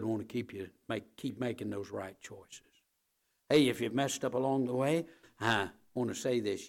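A man preaching a sermon as pastor, emphatic, repeating key lines and swinging between booming and hushed. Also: creaky.

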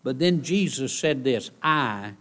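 A man preaching a sermon to a congregation, repeating his key phrases and swinging between loud outbursts and hushed lines. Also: mid-range voice, a little slow. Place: church service.

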